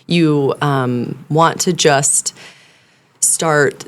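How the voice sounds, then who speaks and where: A woman with a low, deep-set voice talks as a clinical social worker on a podcast. She explains things earnestly and at length, sometimes rambling as she goes. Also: steady tone, drawn-out words. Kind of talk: casual podcast conversation.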